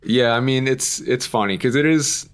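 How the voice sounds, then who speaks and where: A man's voice: mid-range voice, normal speed, smooth. A young man co-hosting a podcast in a casual chat, rambling and chatty with lots of "like" and the odd curse word. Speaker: podcast co-host.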